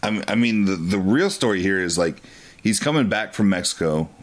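A young man co-hosting a wrestling show, recapping past events in a relaxed way with many filler words. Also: sits low, a little fast. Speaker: wrestling promotion co-host. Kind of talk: casual commentary over match footage.

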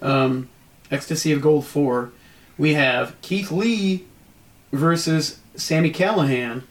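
A man's voice: a little high, slow pace. A young man co-hosting a casual wrestling show, talking over old match footage and often repeating his words. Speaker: wrestling promotion co-host.

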